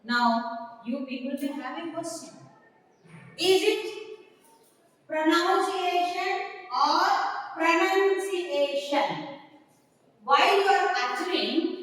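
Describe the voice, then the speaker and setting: A woman's voice: extremely high pitch, slow, a bit bright, a little hiss or hum. A woman with an Indian English accent, lecturing as a communication trainer, explaining step by step with examples and questions to her students. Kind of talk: classroom lecture. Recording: echoey hall, voice from far off.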